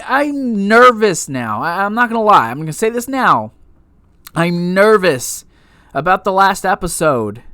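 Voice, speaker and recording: Exasperated man ranting in a lively voice. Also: on the high side, dry recording. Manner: exasperated, animated ranting with frequent restarts. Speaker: TV episode reviewer. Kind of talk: casual ranting review.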